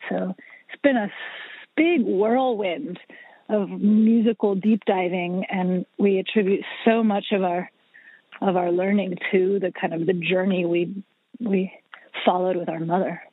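A woman's voice: mid-range voice, fairly even intonation, a little slow, no room sound. A woman guest on a podcast, telling long stories about her family's music in a chatty way, with many fillers and restarts. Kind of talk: casual interview storytelling. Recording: husky, dry, phone-like line.

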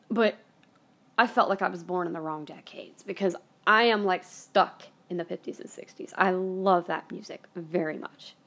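A woman hosting a show, telling a story from her own life in a casual, rambling way, blunt and quick to swear. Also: fairly low pitch, a bit bright. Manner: chatty and blunt, swears freely; rambling, with many fillers and self-corrections. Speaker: podcast host.

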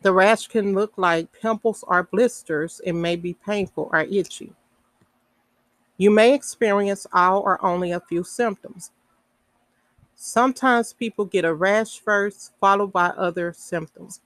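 A woman hosting a podcast, reading health information aloud slowly, with casual asides, fillers and the odd self-correction. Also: medium pitch, a bit bright, rough recording. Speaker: podcast host.

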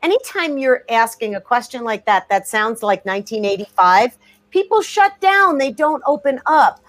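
A woman talking in a podcast interview, emphatic and energetic, often restarting her sentences. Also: on the high side, moderate pace. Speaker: guest.

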